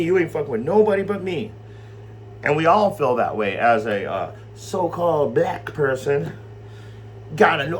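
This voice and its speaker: Animated, profane preacher man. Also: fairly high pitch, moderate pace, slight background noise. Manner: animated, profane, rambling storytelling. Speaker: Bible study teacher. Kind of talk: informal scripture teaching.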